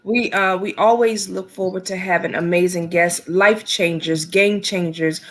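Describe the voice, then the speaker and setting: A woman co-hosts a talk show in a fairly low voice for a woman. She is gracious and encouraging as she welcomes and prompts her guest. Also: steady tone, a little slow, fairly bright tone.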